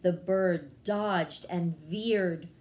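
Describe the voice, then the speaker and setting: A woman reading a children's chapter book aloud as a librarian, in a gentle storytelling manner. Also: fairly low pitch, drawn-out words.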